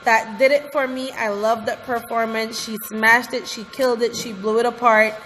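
A woman's voice: a little high, steady tone, normal speed, a bit bright, slight background noise. A woman vlogger gushing in music reaction commentary, effusive and repeatedly calling out to her viewers. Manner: gushing, effusive, keeps addressing viewers as guys. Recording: reverberant room with faint music. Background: faint music from the reacted video.

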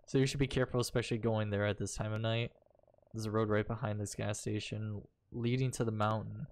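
A man's voice: on the low side, fairly even intonation, brisk, a little mellow, close to an everyday voice. Helpful gas station clerk, read plainly by a man in a horror game, warning about the woods. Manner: plain reading of game dialogue.

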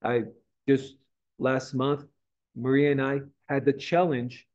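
A man's voice: mid-range voice, level tone, slow pace, darkish tone, highs cut off. A man leading a team morning meeting, talking in a casual, rambling way with mild swearing and frequent checks like "right?" and "okay?". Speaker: real estate team leader. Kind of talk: motivational morning meeting talk.

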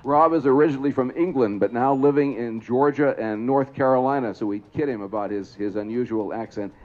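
A man's voice: mid-range voice, brisk, a little mellow, muffled recording. A man announcing a trolley parade to a crowd outdoors, explaining things and asking the audience questions. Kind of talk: public address commentary to a crowd. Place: outdoors at a trolley museum event.

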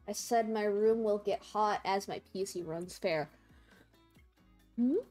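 A young woman in college, her voice medium in pitch, slow and somewhat dark, talks casually over faint music as she streams a game. She's chatty and quick to laugh, reading viewers' comments out loud and responding.

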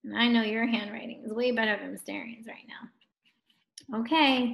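A woman's voice: a little high, fairly even intonation, normal speed, gravelly, a bit bright. A woman teaching a recorded phonics lesson to first graders, sounding out words and praising the children.

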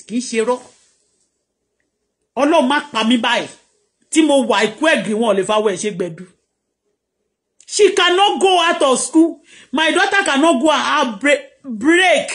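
A middle-aged Nigerian woman vlogger with a fairly high voice goes on a heated, preachy rant during a live stream, scolding the people who criticize her.

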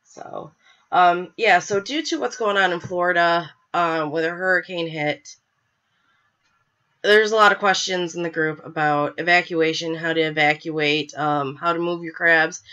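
A woman's voice: lowish voice, measured pace, sharp tone, highs cut off. Stuffy-voiced woman hosting a show. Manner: chatty, filler-heavy, apologetic. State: stuffy with a cold. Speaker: podcast host. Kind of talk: casual live show chat. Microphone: webcam.

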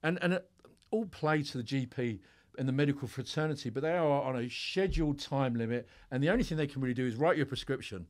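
A man's voice: mid-range voice, fast talker, darkish tone. A middle-aged man who works as a hypnotherapist, telling stories in a podcast conversation in a blunt, straight-talking way with plenty of swearing.

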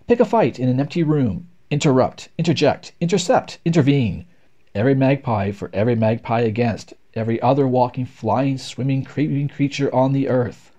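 A man reading nature poems aloud in a rhythmic, expressive way. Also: mid-range voice, normal speed, muffled recording. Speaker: reader. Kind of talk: poetry read aloud.

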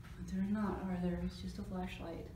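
A woman librarian reading a picture book aloud to children, with animated, chatty asides about the pictures. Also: lowish voice, moderate pace. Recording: roomy echo, distant mic, faint noise.

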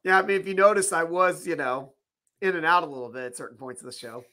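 Bright jokey male podcast co-host. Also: a little high, fast. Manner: jokey and animated, playful asides. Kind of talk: casual chat.

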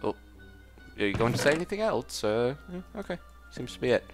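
Man, gaming host, put-on English accent, jokey, lively voice. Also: mid-range voice, a little fast, music in the background. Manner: jokey, playing a pompous detective. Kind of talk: in-character let's play commentary.

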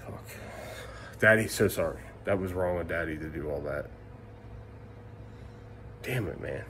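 Low-voiced dad vlogging at home, apologetic and rambling, faint room noise. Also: male voice, unhurried, a bit bright. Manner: emotional, apologetic, swearing, many fillers. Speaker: father vlogging for his kids. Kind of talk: casual vlog talk to camera. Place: family home at night. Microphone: camera mic.

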